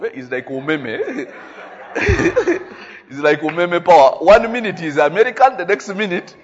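A man with a Ugandan English accent preaching a sermon, telling stories in a lively way, tagging his lines with "eh?" and laughing often. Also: high-pitched, lo-fi sound. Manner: animated storytelling, frequent "eh?" tags, laughing often. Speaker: pastor.

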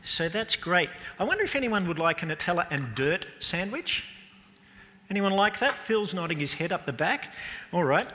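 A man's voice: high-pitched, sing-song, normal speed, sharp tone, a little hiss or hum. A man giving a playful children's talk at church, chatty and jokey, asking the audience questions. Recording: echoey church hall.

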